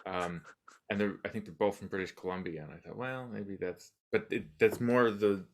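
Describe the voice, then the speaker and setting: Musing low-voiced podcast host. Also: male voice, a little fast. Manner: musing, self-deprecating, trails off with "but anyway". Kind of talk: casual interview chat.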